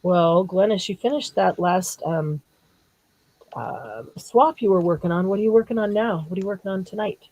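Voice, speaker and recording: A woman's voice: mid-range voice, expressive, moderate pace, a little mellow, no echo, rough recording. A woman hosting a craft livestream, chatting casually with viewers and laughing often as she reads their comments. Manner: giggly, laughs often while talking.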